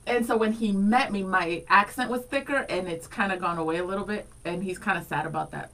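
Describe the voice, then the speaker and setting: A woman's voice: medium pitch, brisk, a bit bright, recorded from a distance, poor audio. A woman in her thirties co-hosting morning radio, chatty and laughing often, with a light Latina and East Coast accent. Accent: light Latina and East Coast mix. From Afro-Dominican background. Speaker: radio co-host. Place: radio studio.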